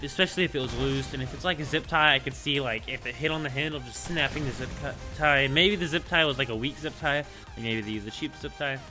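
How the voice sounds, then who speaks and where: A young man casually telling a school story on his vlog, rambling and excitable, with lots of filler words. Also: fairly high pitch. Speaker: gaming channel host.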